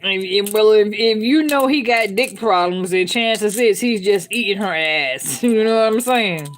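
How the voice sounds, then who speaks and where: A woman's voice: medium pitch, expressive, a little slow. A woman hosting a live stream, talking bluntly and with heavy swearing, laughing often and reading out viewer comments. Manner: blunt, profane, laughs often, keeps checking in with listeners. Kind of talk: candid unscripted live-stream chat.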